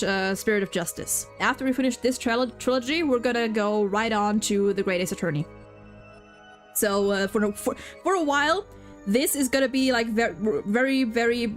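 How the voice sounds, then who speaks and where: A young woman streamer chatting casually while gaming, rambling with lots of restarts and repeated words. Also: fairly high pitch. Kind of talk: casual gaming livestream chat.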